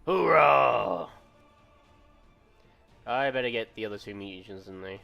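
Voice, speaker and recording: A man's voice: fairly low pitch, fairly even intonation, racing, smooth, lo-fi sound, faint music behind. A man hosting a gameplay video, chatting wryly and reading game text aloud. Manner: chatty, wry, exclaiming. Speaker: gameplay host. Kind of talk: casual let's play commentary and reading game text.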